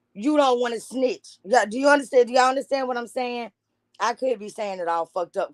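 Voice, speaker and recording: A woman's voice: medium pitch, no echo. A woman from Jacksonville, reacting to a news clip in a blunt, heated, profane rant. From Jacksonville, Florida.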